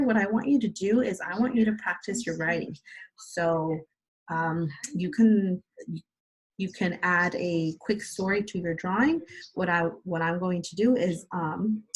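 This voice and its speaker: A woman teaching kindergarteners in a video lesson, speaking slowly and patiently as she walks them through each step. Her voice sits at a middle pitch with a husky, breathy grain. She keeps an encouraging tone. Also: a little mellow, rough recording. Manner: slow, patient, encouraging, spells out steps for small children.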